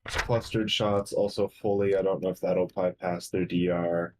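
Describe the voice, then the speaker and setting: Deep-voiced guy playing a tabletop game, matter-of-fact, checking the rules. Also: flat delivery, moderate pace, a little mellow, a little hiss or hum. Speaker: player. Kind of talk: casual game chat.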